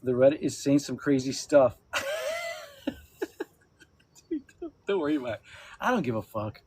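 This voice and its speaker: A middle-pitched man in his fifties hosts a loose livestream chat from home. He laughs often and swears freely. A faint hum of room ambience sits under his voice. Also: big pitch swings, quick pace, a little mellow. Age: 50s. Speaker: livestream host.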